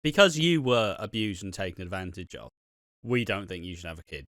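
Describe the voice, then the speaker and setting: A man's voice: deep voice, big pitch swings, a little fast, fairly bright tone, no room sound, clean studio sound, pitched below the performer's own voice, exaggerated voice. A man voicing a condescending social worker who speaks in a patronizing, matter-of-fact way.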